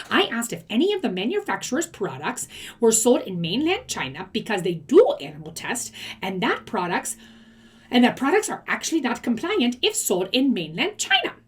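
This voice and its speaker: A woman's voice: medium pitch, close to an everyday voice. A woman voicing a chatty older woman host who reads viewer stories aloud with shocked, sympathetic exclamations. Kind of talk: comedic story reading.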